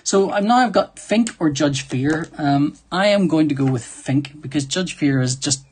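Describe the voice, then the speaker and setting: A man hosts a live drawing stream, sketching while he chats in a rambling, self-deprecating way and reads viewer comments aloud. His fairly high-pitched voice is animated, at normal speed, with slight background noise.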